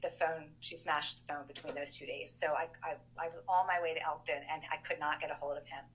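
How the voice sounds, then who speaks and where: A woman, the older sister of a missing man, recounting events in an interview in an emphatic, animated way. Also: low-pitched, a little fast, low-quality recording.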